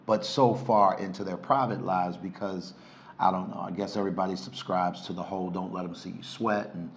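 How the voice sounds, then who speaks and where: A man's voice: deep voice, fairly even intonation, fairly quick, slight background noise. A middle-aged man, a relationship coach, co-hosting a casual couple's talk show with a playful, teasing manner. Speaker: relationship coach and podcast co-host.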